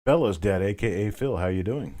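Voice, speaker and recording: A man's voice: on the low side, expressive, a little fast, warm tone. A man hosting a live online coin auction, chatting casually, calling out bids and greeting bidders by name. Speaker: auction host.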